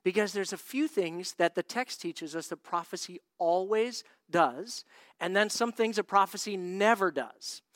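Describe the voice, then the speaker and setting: A man's voice: sits high, a little slow, a bit bright, dry recording, studio quality. A man preaching a sermon, telling a story and acting out the people in it. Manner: storytelling, acts out quoted voices. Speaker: pastor.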